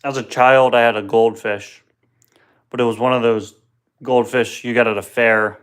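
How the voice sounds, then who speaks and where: A man's voice: medium pitch, fairly even intonation, moderate pace, clean tone. A young man hosting a casual live question-and-answer stream from home, joking and tripping over his words, talking into a phone on a tripod. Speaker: livestream host.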